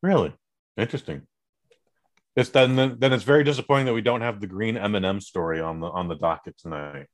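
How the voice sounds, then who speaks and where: A man's voice: on the low side, fairly quick. A man co-hosting a podcast in casual chat, joking and laid-back, calling people bro and dude. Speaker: podcast co-host.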